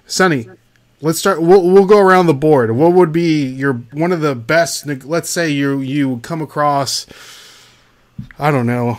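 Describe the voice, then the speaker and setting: A man's voice: on the high side, unhurried, no room sound. Casual man hosting a livestream. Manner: reads chat names aloud and greets viewers. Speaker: livestream host.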